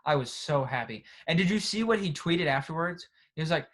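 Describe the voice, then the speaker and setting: A man's voice: a little high, expressive, fairly quick, a bit bright. A young man co-hosting a podcast, chatting casually and reacting in a laid-back way. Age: young adult. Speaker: podcast co-host. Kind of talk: casual chat.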